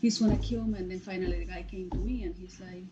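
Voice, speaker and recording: A woman from Colombia with a Colombian Spanish accent, a native Spanish speaker who retells a story as a podcast guest in halting English full of restarts. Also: lowish voice, fairly even intonation, dull audio, noisy background. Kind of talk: casual storytelling.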